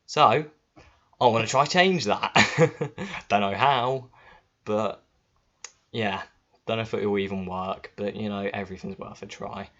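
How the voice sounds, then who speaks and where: Low-voiced guy on a laptop mic. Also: a little slow, pauses often, a bit bright. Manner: chatty and informal, swears freely. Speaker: vlogger. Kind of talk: casual storytelling to camera. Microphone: built-in laptop mic. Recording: dull lo-fi laptop audio.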